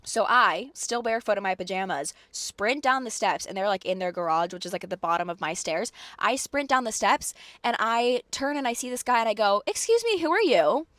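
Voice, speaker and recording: A woman vlogger telling a personal story in casual chat, animated and emphatic, filling her talk with "like". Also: medium pitch, no room sound. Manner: animated, fillers of "like" throughout; quick, emphatic retelling with acted quotes.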